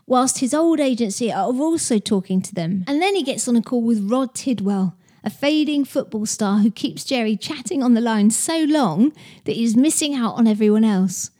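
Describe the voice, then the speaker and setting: Lady podcast host giving tips, kinda high pitched, mellow, tells stories to explain stuff. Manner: chatty, direct, explains with stories and analogies. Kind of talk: business advice talk.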